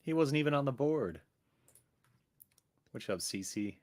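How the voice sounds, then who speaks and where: A man's voice: medium pitch, lively intonation, measured pace, a little mellow. A man being interviewed in a casual chat, teasing and mock-solemn. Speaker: guest.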